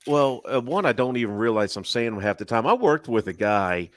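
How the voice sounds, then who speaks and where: A man's voice: medium pitch, expressive, brisk, no room sound. A man co-hosting a live panel chat, telling stories in a dry, rambling way and laughing between lines. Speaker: YouTuber and live panel co-host. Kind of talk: casual chat.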